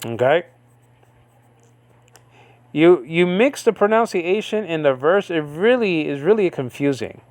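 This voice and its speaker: A man's voice: a little high, expressive, measured pace, long pauses, a little mellow, no echo. Rambling man teaching, dry close sound. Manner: rambling, filler-heavy, keeps asking "okay?". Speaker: Bible teacher. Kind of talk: informal Bible-study lecture.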